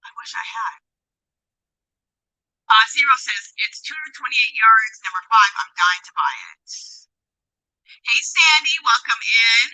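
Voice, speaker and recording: A woman hosts a relaxed crafting livestream, her voice fairly high and unhurried, captured in a low-quality recording. Working her yarn, she reads out comments and gushes over viewers by name in a chatty, animated way.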